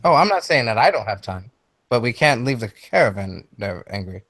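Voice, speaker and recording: A man playing a tabletop game, planning moves with halting starts. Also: mid-range voice, sing-song, a bit bright, no room sound. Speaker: player.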